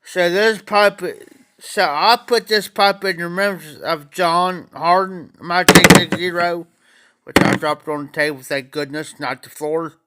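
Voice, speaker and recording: A man, chatting slowly and rambling on a livestream from an auction house and greeting viewers by name. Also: sits high, sharp tone, clean tone. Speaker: pipe-smoking livestream host. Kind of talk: casual livestream chat to viewers. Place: auction house, former bar room.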